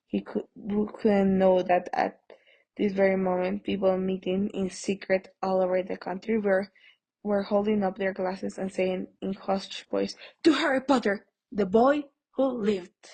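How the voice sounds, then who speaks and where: A woman's voice: medium pitch, monotone, measured pace, creaky, warm tone, rough recording. A woman hosting a podcast, reading an audiobook aloud in a plain way with small stumbles. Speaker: podcast host, audiobook reader. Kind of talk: amateur audiobook narration.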